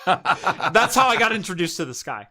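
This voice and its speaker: Podcast host guy, bright voice, drifts through a story with lots of ums. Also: high voice. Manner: relaxed, dry interjections, rambling anecdote. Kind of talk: casual chat.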